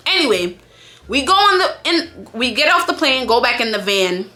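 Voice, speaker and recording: A woman's voice: on the high side, very animated, moderate pace, bright, forceful tone. A woman from Jamaica telling a story time to her vlog, chatty, candid and profane. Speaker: vlogger.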